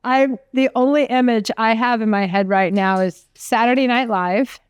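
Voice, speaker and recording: A woman's voice: on the high side, moderate pace, smooth, no room sound, dull audio. A woman chef co-hosting a podcast, telling rambling family food stories in casual chat. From from an Italian American family. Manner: chatty, animated storyteller, trails off mid-sentence.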